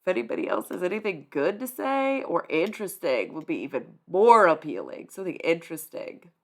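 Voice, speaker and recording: A young woman with a lowish, fairly bright voice fires back at her stream chat fairly quickly, her pitch swinging widely. She's sarcastic, blunt and dismissive, and curses freely.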